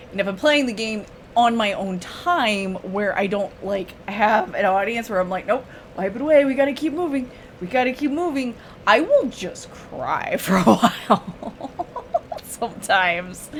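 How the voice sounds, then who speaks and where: A woman's voice: medium pitch, slight background noise. A woman streaming a video game, giving chatty, emotional, joking commentary. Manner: chatty, emotional, jokey reactions. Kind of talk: casual gameplay commentary.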